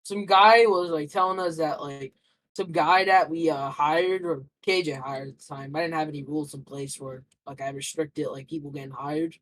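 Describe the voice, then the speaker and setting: A man's voice: a little high, steady tone, moderate pace, fairly bright tone, slight background noise, rough recording. A young man answering interview questions casually, rambling through a story with lots of fillers and restarts.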